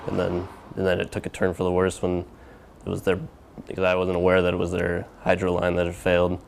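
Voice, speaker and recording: Gravelly, flat-voiced airman. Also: deep voice, brisk, a little hiss or hum. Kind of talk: interview recollection.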